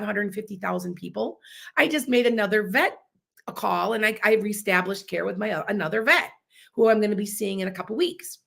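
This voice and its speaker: A woman in her fifties talks through her podcast in an animated, emphatic monologue, often acting out what people should have said. Her voice is bright and forward, with a gravelly fry in it. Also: a little high. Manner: animated, emphatic, acts out quoted dialogue. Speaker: podcast host.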